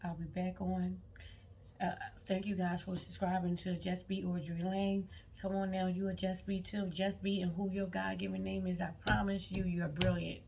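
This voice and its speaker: A woman's voice: fairly low pitch, flat delivery, moderate pace, creaky, mellow, a little hiss or hum. A woman vlogger talking about faith to her viewers, emphatic and repeating herself, breaking into prayer as she goes. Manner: emphatic, repeats words, prays aloud mid-talk. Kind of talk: spontaneous faith talk to viewers. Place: on vacation.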